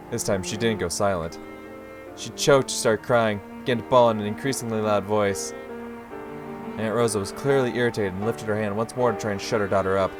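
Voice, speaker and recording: A young man streaming a story game, reading narration aloud and breaking into loud, profane reactions. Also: lowish voice, fairly even intonation, a little fast, faint music behind. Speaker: gaming streamer.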